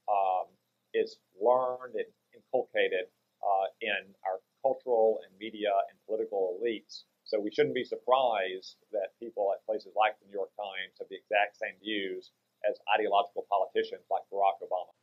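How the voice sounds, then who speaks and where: A man, a senator guesting on a talk radio show, speaking in a measured, lecturing way. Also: fairly low pitch, fairly even intonation, narrow, tinny audio. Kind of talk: political interview.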